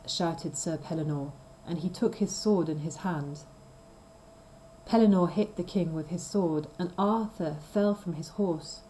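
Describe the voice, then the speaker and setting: A woman reading a simple story aloud for language learners, slow and clear. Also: lowish voice, mellow, slight background noise, poor audio. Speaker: reader of a graded story. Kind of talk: scripted storybook narration for learners.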